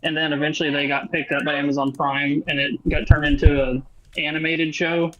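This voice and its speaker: A man's voice: a little high, little pitch movement, a little fast, a bit bright, no echo, lo-fi sound. A man with a slight Southern American accent, chatting with friends over voice chat in a rambling way, full of fillers. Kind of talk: casual chat.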